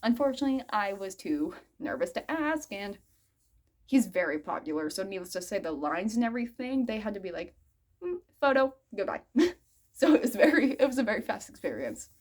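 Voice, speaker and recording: A woman in her mid-twenties telling a story in a casual vlog. She is giggly and excitable, laughs often, and rambles with lots of "I'm like" asides. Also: mid-range voice, fairly quick. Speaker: vlogger.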